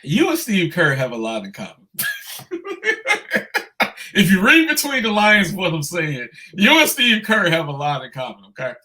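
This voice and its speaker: A man co-hosting a sports podcast, talking in a bright, forceful voice. His pitch swings widely as he rants and swears. He gets loud when he's worked up. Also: normal speed. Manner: animated and profane, ranting loudly when upset. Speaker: podcast co-host. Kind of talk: casual sports podcast chat.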